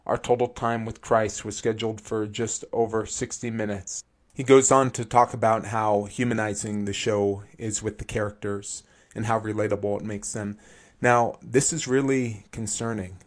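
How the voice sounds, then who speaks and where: A man with a somewhat low voice hosts a critical commentary podcast. He reads lengthy quotes aloud in measured tones, then breaks in with earnest, disapproving remarks of his own. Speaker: podcast host.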